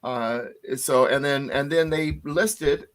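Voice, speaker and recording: Male lecturer, mid-pitched, emphatic on key words, uneven pace, frequent fillers. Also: slow. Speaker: constitution teacher.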